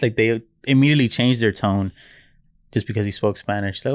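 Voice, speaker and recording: A young man from the States talks easily on a podcast, dropping casual swears into his stories. His voice comes across smooth and clear. The recording is close and dry. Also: lowish voice, fast, no echo. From United States. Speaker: podcast co-host. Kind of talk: casual chat.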